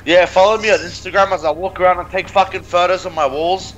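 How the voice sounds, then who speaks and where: A man's voice: sits high, fairly even intonation, fast talker, a bit bright, highs cut off, a little hiss or hum. A man in casual gaming chat, swearing a lot and rambling in loose rants. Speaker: gamer.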